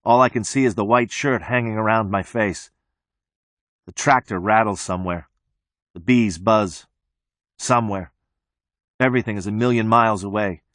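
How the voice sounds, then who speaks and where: A man with a low voice narrates a novel in the first person. His reading is tense and measured. The sound is dry and close to the mic. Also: a bit bright, no room sound. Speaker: audiobook narrator.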